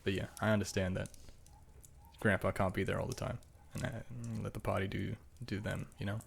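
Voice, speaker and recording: A man's voice: lowish voice, flat delivery, brisk, vocal fry, slightly rough. A man running a tabletop game, chatting casually on a podcast, joking around and repeating his words. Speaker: game master.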